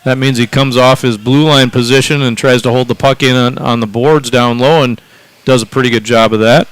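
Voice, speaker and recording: A man doing relaxed, chatty play-by-play for a local high school hockey game. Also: fairly quick, clear, resonant tone, no room sound, rough recording. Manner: easygoing, chatty, lots of fillers. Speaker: play-by-play announcer.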